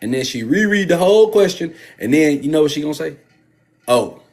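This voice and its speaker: A man co-hosting a casual podcast, telling candid stories in an animated way about homeschooling his daughter. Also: fairly high pitch, quick pace. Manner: candid, animated storytelling with lots of slang. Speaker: podcast co-host. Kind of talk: casual chat.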